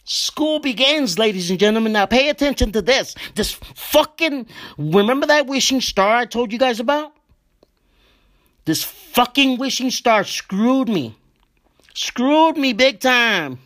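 Slow-talking man telling a personal story. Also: extremely high pitch, animated. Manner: slow, emotional, profane, addresses listeners as ladies and gentlemen. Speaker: podcast host.

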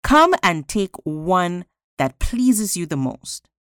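A man's voice: high-pitched, very animated, takes it slowly, a bit bright, clear, resonant tone, no room sound, clean studio sound, exaggerated voice. A woman reading as a sly cheerful villager.

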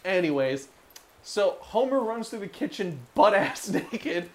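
A man on a casual podcast recapping a cartoon, his pitch leaping around as he tells it. He swears freely and drops into quick voices for the characters along the way. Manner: profane, animated retelling with put-on quotes. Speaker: podcast co-host.

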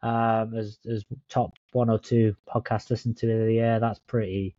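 A laid-back man chats on a podcast with his co-host, swearing now and then and calling him mate. His voice is mellow and dark. The sound is dry and a little dull. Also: on the low side, level tone, normal speed, no echo. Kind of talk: casual chat. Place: in Dublin, remote call.

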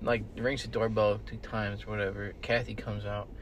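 A young man co-hosting a casual podcast, rambling through stories, swearing often and shouting the lines he quotes. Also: lowish voice, little pitch movement, moderate pace, slight background noise. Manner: rambling storyteller, swears a lot, loud bursts when quoting. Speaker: podcast co-host. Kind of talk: casual chat. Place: in a car with friends.

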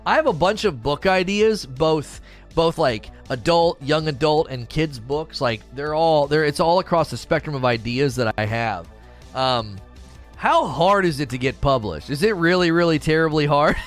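Animated joking man on a stream. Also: a little high, normal speed, soft background music. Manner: joking, teasing banter with viewers. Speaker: livestreamer reading chat. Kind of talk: casual livestream chat.

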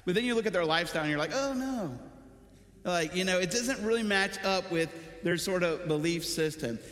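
A man preaching a sermon as pastor, in a conversational, animated way with casual asides. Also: sits high, fast talker, echoey room, in a large hall.

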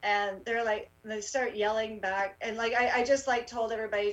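A woman, a rally organizer, tells her story in a casual interview, halting often with fillers and restarts. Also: medium pitch, fairly even intonation, distant mic, poor audio. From Canada.

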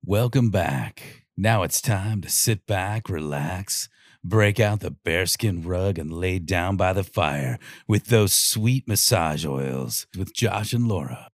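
A man voicing a mock-romantic radio announcer in a slow, low crooning delivery, introducing a podcast segment. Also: dry recording, studio quality. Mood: seductive. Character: sultry deep-voiced male radio announcer, mock-romantic. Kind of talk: parody announcer bumper.

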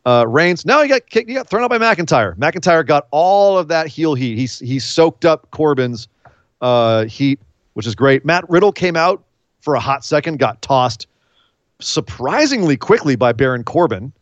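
A man co-hosting a podcast in a casual recap chat, excitable and emphatic, sometimes choked up. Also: fairly high pitch, normal speed, dry recording, highs cut off. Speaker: podcast co-host.

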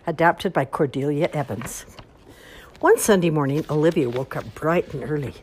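An older woman reading a children's story aloud in a lively, expressive way, with a husky voice. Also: deep voice, normal speed.

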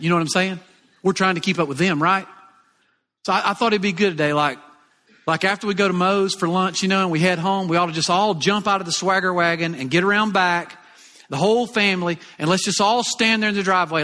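A man from Alabama with a Southern accent, preaching a sermon in a folksy, animated, jokey way. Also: high-pitched, quick pace. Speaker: pastor. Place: church auditorium. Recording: long reverb of a large church hall.

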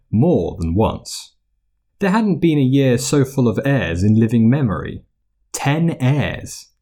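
Man reading a story aloud, lively intonation. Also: medium pitch. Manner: expressive storytelling. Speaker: narrator. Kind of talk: audiobook reading of fiction.

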